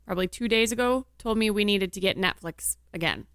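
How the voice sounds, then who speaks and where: A woman's voice: mid-range voice, brisk, a bit bright, clear, resonant tone, no echo, studio quality. A woman co-hosting a radio show, answering in a down-to-earth, matter-of-fact way. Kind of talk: casual on-air banter.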